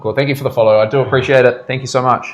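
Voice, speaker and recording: A man with a relaxed New Zealand accent banters through a livestream from a tattoo studio. He jokes freely, laughs often and reads the chat aloud at a mid pitch. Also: very fast, muffled recording.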